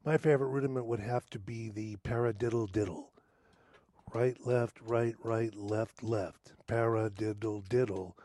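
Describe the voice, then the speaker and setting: A man, a jazz drummer and producer, sharing his favourite rudiment in a relaxed, modest way. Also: fairly low pitch, a little slow, slight background noise. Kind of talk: drum tip.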